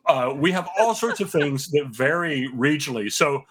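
A man from the American South, a linguist guest calmly explaining things with many pauses on a radio talk show. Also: fairly high pitch, a little hiss or hum. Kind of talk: radio interview.

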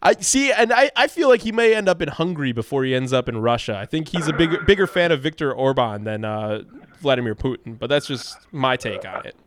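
A man's voice: mid-range voice, lively intonation, fairly quick. A man hosting a call-in talk radio show, talking through his opinions and taking calls in a conversational way.

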